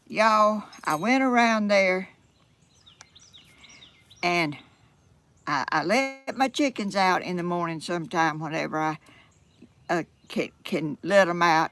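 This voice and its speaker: A woman's voice: fairly low pitch, fairly bright tone. An older woman from Georgia with a Southern accent, chatting in a folksy, rambling way to her camera at home. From Georgia, USA. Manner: folksy, rambling, exclaims often. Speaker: vlogger. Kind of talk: casual chat to camera. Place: at home by a yard.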